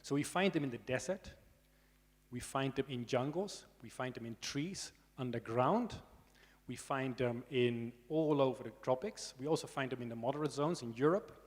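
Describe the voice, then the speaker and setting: This snake expert, giving a conference talk, has a medium-pitched voice and a moderate pace. His conversational lecture to students is full of tag questions and dry asides that check in with the audience, all in a dry, humorous tone. The sound echoes with a long hall reverb.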